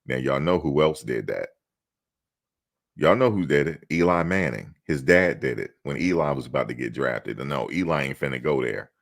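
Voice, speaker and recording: A man hosting a casual sports talk show, joking and acting out mock quotes in an animated, laid-back way. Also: extremely low pitch, moderate pace, vocal fry.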